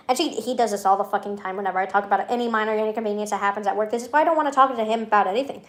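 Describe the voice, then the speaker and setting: A woman's voice: medium pitch, very fast, hardly any pauses. A young woman venting in a casual vlog, rambling and sarcastic, laughing often between her remarks. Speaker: vlogger.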